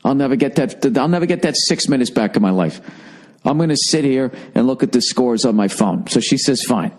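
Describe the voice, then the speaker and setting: A man's voice: medium pitch, lively intonation, fairly quick. A podcast host rambling through a comedic monologue, a man swearing constantly and acting out both sides of his arguments in exasperated retellings.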